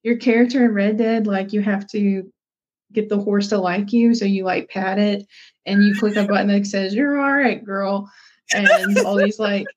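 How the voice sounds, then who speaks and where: A woman's voice: mid-range voice, little pitch movement, moderate pace. A young woman co-hosting a podcast in casual chat, talking loosely with plenty of fillers and laughs. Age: young adult. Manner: chatty, lots of fillers and laughs. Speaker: podcast co-host.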